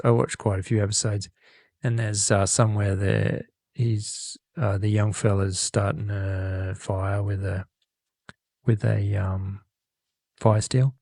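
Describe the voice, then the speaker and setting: A man co-hosts a podcast, chatting loosely and stumbling over his words as he reads a fan's letter. His voice is a little low with a gravelly edge. The sound is close and dry, right on the microphone. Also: darkish tone, no echo. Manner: rambling, laughing, self-correcting. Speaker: podcast co-host. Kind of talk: casual podcast chat reading a listener email. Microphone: studio microphone.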